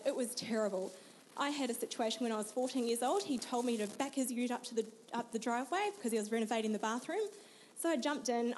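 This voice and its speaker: A young woman tells her life story with earnest feeling. Her voice sits a little high. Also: a little mellow, slight background noise. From New Zealand. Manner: earnest, emotional storytelling with frequent laughs. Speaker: guest. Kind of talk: personal testimony in an interview.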